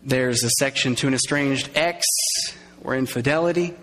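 A man preaching a sermon, conversational and lively, acting out little quoted voices and drawing in his congregation. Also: medium pitch, moderate pace. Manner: conversational, acts out quoted voices, engages audience. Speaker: pastor. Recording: long reverb of a large hall.

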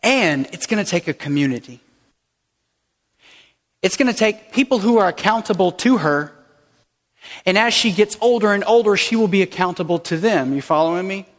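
Male pastor, high voice, casual playful sermon delivery, long hall reverb. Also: animated, normal speed, long pauses. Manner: playful, conversational preaching with asides to a baby. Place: church sanctuary.

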